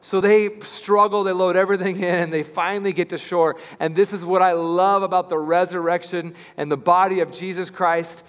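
A man preaching an Easter sermon as pastor, telling the story with lively acted-out voices and swinging between hushed and loud. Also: sits high, moderate pace, hardly any pauses, clear, resonant tone, long reverb tail.

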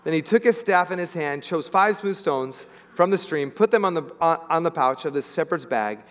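Animated preaching man, echoing hall. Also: on the high side, normal speed. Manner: animated preaching, acts out voices in stories. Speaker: pastor. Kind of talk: sermon. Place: church sanctuary.

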